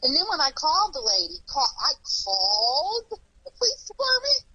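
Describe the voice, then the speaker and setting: A woman hosting a casual chat, animated and blunt, repeating herself and swearing as she talks. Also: high-pitched, moderate pace, no echo, dull audio. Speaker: host.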